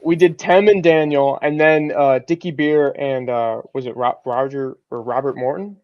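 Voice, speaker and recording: A man in a casual chat, retelling convention events in a quick, stumbling way. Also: medium pitch, steady tone, highs cut off.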